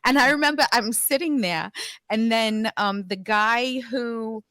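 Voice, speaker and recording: A woman's voice: fairly high pitch, a little slow, a bit bright, dry recording, studio quality. A woman in her thirties or forties with five kids, chatting casually as a podcast guest, laughing often and swearing freely. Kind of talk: casual chat.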